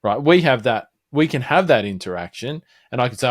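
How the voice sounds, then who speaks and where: A man co-hosting a casual podcast talks reflectively, musing out loud and bouncing ideas around. His voice is mid-pitched and sounds close and dry. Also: expressive, a little fast, hardly any pauses, dry recording. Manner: reflective, thinking aloud. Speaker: podcast co-host. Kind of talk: casual chat.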